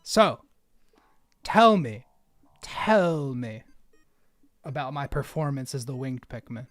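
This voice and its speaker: A man casually chatting on a live stream while gaming, jokey and rambling, quick to laugh at himself. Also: a little high, animated, dry recording.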